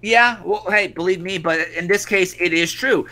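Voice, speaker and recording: A man's voice: high-pitched, moderate pace, bright, forceful tone. A man co-hosting an online show, ranting in profane casual commentary full of stumbling restarts. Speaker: stream co-host.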